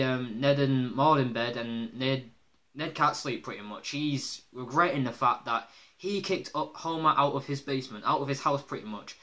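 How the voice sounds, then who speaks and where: A man's voice: mid-range voice, pushed and bright. A man casually reviewing a cartoon episode, rambling with lots of fillers and laughter.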